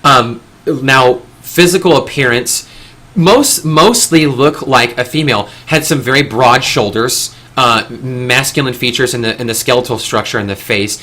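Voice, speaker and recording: Bright-voiced young man rambling earnestly. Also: medium pitch, measured pace. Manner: rambling, earnest, with frequent restarts. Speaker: discussion host. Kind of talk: casual panel discussion.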